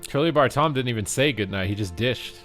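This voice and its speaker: Bright-voiced, jokey gaming streamer man. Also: mid-range voice, expressive, brisk, faint music behind. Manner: jokey, swears, chatty asides to viewers. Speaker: game streamer. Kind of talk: casual live gameplay commentary.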